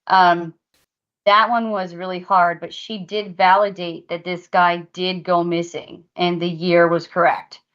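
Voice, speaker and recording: A woman's voice: lowish voice, little pitch movement, unhurried, a bit bright, lo-fi sound. A woman co-hosting a paranormal podcast, earnestly recounting at length what spirits showed her. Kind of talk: casual podcast discussion.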